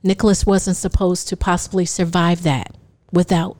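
A lowish-voiced woman in her forties, speaking at normal speed, tells an audience her personal testimony. She often laughs between lines while animatedly performing the dialogue.

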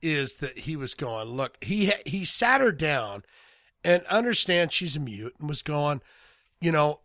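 A man co-hosting a podcast, chatting about a film in an expressive way with lots of swearing. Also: on the high side, a little slow, no echo, studio quality. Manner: expressive, swearing, jumps into quotes. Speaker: podcast co-host. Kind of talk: casual film chat.

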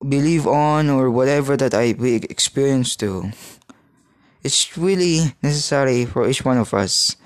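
Alone on his podcast, a Filipino man in his thirties speaks at a middling pitch in a rambling monologue. He drifts between thoughts, halting and restarting often as he searches for the right words. The recording is dry and close, with no room sound.

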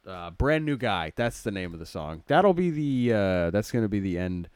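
Crude, rambling man, lively pitch. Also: normal speed, smooth, dry recording. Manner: crude, joking, mumbles to himself while browsing. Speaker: podcast host. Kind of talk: casual solo comedy podcast rambling.

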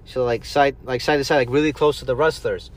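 Speaking briskly at a medium pitch with fairly level intonation, this young podcast host meanders through anecdotes in casual chat. He repeats what others said and curses freely.

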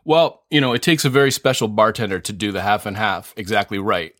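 Male podcast host, deadpan know-it-all, dry close mic. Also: lowish voice, brisk, no echo. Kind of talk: casual comedic chat.

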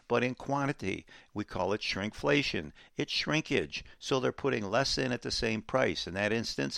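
A man hosting a financial talk show, explaining economics emphatically and repeating key words slowly for effect. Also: lowish voice, gravelly, a bit bright, no echo, studio quality.

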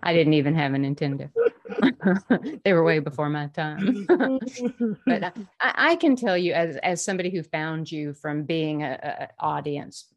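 A woman's voice: low-pitched, animated, normal speed, highs cut off. A woman co-hosting a podcast, talking earnestly in casual conversation with frequent restarts and laughs. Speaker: podcast co-host.

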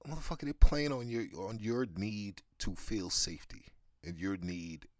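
Very deep-voiced man ranting profanely. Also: lively intonation, moderate pace, no echo, clean studio sound. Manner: profane, rambling, laughs often. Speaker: podcast host. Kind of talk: casual ranting monologue. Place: New York.

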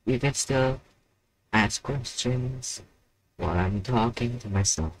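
A man's voice: medium pitch, takes it slowly, low-quality recording. A young man hosting a live stream alone, rambling and mocking himself while he waits for viewers. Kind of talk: casual solo live stream chat.

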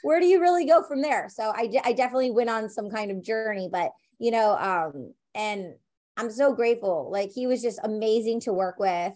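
A woman's voice: on the high side, a little fast, a little mellow. A woman actress being interviewed about her film career, talking in a chatty, enthusiastic way full of "like" and "you know". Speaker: actress guest. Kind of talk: conversational interview.

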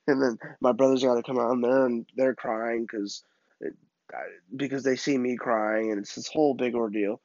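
A man with a mid-pitched voice tells a comic story at a moderate pace, loose, animated, and poking fun at himself. The recording is dry and a little muffled, with no room sound.

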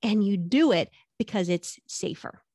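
A woman's voice: mid-range voice, expressive, a little slow, warm tone, no room sound, clean studio sound. A middle-aged woman coaching with a direct, upbeat delivery, putting rhetorical questions to the listener. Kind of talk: motivational coaching talk.

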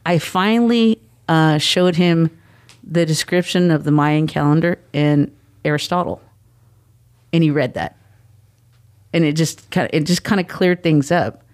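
A middle-aged woman, guest on an interview show, telling family stories in a lively way and acting out the quoted dialogue. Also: low-pitched, measured pace, long pauses. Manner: animated, acts out quoted dialogue. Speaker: guest, mother of the athlete. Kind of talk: casual interview storytelling.

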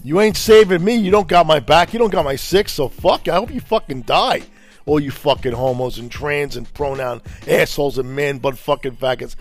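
A podcast host from Brooklyn, ranting angrily and profanely in a confrontational way. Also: male voice, on the high side, moderate pace, soft background music. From Brooklyn, New York. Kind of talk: angry profane rant.

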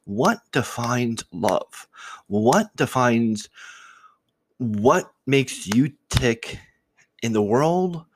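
Brief: male podcast host, unscripted musing, halting restarts, emotional tremble, dry close sound. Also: medium pitch, lively intonation, no room sound. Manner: reflective, rambling with restarts and repeated words. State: choked up, voice trembling.

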